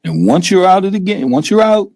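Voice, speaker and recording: A middle-aged man hosting a casual live-stream talk show, animated and often acting out scared investors in a raised voice. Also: high-pitched, brisk. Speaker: host.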